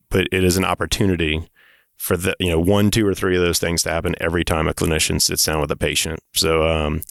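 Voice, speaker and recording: A man with a very low, smooth voice tells an earnest story in a casual interview. He speaks haltingly, with plenty of pauses and fillers, and the sound is dry and close. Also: no room sound. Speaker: company co-founder.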